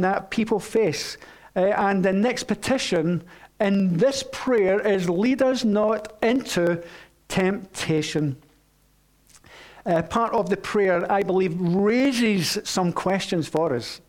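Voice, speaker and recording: A man's voice: high-pitched, darkish tone. A man pastor delivering a sermon in a conversational way, hesitating with fillers and putting questions to the congregation.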